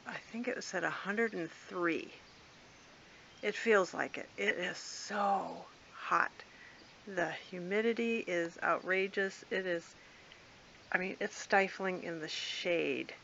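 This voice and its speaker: A woman's voice: lowish voice, creaky, fairly bright tone, slight background noise. A woman vlogging casually from her backyard and home. She rambles along chattily and coos at her cats. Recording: dull lo-fi home video.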